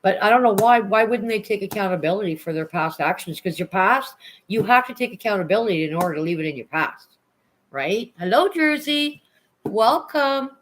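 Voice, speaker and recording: A woman's voice: medium pitch, lively intonation, brisk, slight background noise, rough recording. A woman livestreamer chatting casually with viewers, frank and emotional, swearing freely and greeting chatters by name. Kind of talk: casual live-stream chat with viewers.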